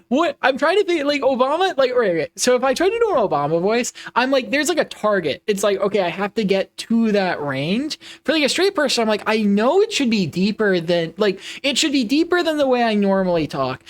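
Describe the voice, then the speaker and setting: A young adult live streamer chatting casually while playing, giggly and playful, rambling with lots of restarts. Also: mid-range voice.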